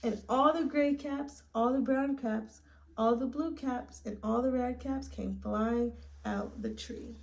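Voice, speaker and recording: A woman reads a children's picture book aloud, slow and unhurried, and stops now and then to ask her young listeners questions. Her voice is slightly high and mellow, with a gentle, patient delivery. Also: steady tone, creaky, rough recording. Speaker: story time reader.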